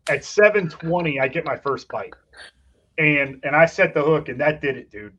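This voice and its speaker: A man hosting a casual podcast chat, telling stories in a rambling, profane way. His voice sits a little high. The recording sounds a touch dull and lo-fi. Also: animated, normal speed, pushed and bright. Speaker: podcast host.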